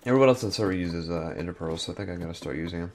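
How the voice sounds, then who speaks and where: A man's voice: low-pitched, racing, a little mellow, a little hiss or hum. A young man giving casual gameplay commentary, muttering to himself as he sorts items and explores, sounding sleepy and yawning. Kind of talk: casual let's-play commentary.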